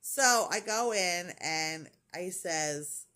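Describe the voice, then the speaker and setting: A woman chats to her viewers in a loose, rambling way, retelling a story and acting out what everyone said. Her pitch swings widely as she talks, full of likes and ums. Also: extremely slow. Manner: animated, retells dialogue with lots of "like" and fillers. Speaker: crafting vlogger. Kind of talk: casual storytelling chat.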